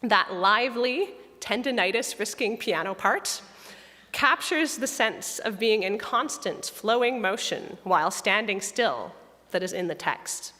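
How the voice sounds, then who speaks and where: A woman music director talks to a congregation with a bright, clear tone. Her delivery is chatty and self-deprecating, and her voice sounds slightly worn from losing it. A long reverb fills the church around her. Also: medium pitch, lively intonation, unhurried. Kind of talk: spoken reflection in a church service. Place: church sanctuary.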